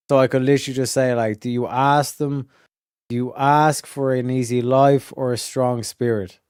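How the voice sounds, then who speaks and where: A man's voice: mid-range voice, steady tone, moderate pace, darkish tone, clean tone, no echo, clean studio sound. A man from Ireland, a streamer reacting to clips in casual, heated, swearing commentary. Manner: heated, swears a lot, acts out voices.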